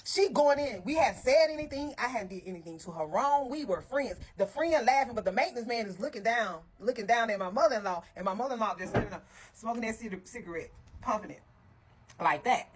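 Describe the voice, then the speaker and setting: A woman telling a story to her viewers in a casual, animated and blunt way, heavy on profanity, with frequent asides to her listeners. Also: fairly high pitch, a little fast, a little hiss or hum.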